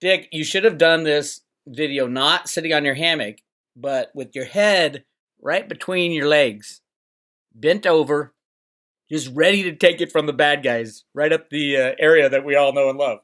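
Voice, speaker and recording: A middle-aged man talks straight to his viewers in a loose, rambling monologue. His voice sits a little high, and his tone turns sarcastic as he mocks other people's claims in put-on voices. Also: moderate pace, a bit bright. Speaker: channel host. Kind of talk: casual monologue to camera. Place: home, Northern California.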